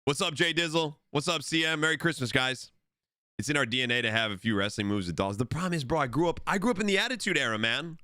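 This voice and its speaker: A young man live-streams from his home setup, chatting casually, rambling, swearing a lot and reading out his chat. His voice is fairly high, quick, bright and forceful. The desk-mic recording is studio quality with no room sound.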